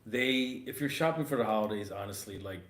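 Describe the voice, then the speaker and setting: A man hosting a casual art podcast in an art supply store, slightly hoarse from getting over losing his voice, talking in an easygoing, rambling way. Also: fairly low pitch, fairly quick, a bit bright. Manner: easygoing, rambling, many fillers. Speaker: podcast host. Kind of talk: casual chat. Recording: roomy store with faint ambient noise.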